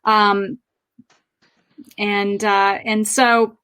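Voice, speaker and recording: A woman's voice: medium pitch, little pitch movement, very slow, a bit bright, clear, resonant tone. A middle-aged woman with a Southern American accent, co-hosting a podcast in a thoughtful, reflective casual chat. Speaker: podcast co-host. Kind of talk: casual conversation.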